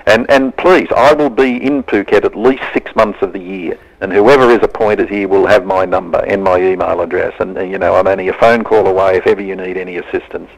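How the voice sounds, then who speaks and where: A man's voice: low-pitched, fairly quick, vocal fry, hardly any pauses. A man being interviewed live on radio over a phone line, earnest and plain-spoken as he gives advice. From Australia. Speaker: interview guest, honorary consul.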